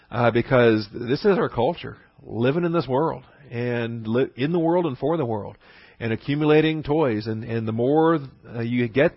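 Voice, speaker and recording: A man's voice: medium pitch, no room sound, muffled recording. A man teaching a Bible class in an earnest, folksy way, with fillers and restarts.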